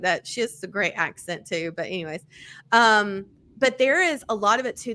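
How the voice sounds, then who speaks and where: A woman hosting a podcast, casually reviewing books with lots of fillers, easy swearing and excited storytelling. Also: mid-range voice. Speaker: podcast host. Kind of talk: casual book-review chat.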